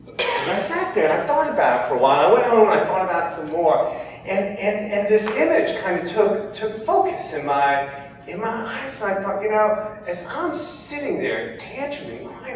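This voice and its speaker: A man telling a personal story of grief, halting and emotional, with many restarts. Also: sits high, big pitch swings, slight background noise. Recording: echoey hall, heard from far off.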